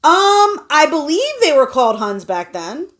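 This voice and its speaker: A chatty woman, talking as a guest in a relaxed interview. Her voice sits a bit high, and she tells her stories in an upbeat, animated way. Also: unhurried. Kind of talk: casual conversation.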